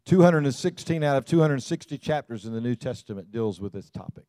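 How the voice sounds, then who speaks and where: A man's voice: medium pitch, expressive, fairly quick, warm tone, dry recording. A man preaching a sermon as a pastor, folksy and emphatic.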